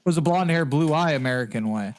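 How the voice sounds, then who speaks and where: A man rambles through a casual podcast chat, tripping over his words and breaking into laughs. His voice sits a little high. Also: lively intonation, fast talker. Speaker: podcast co-host.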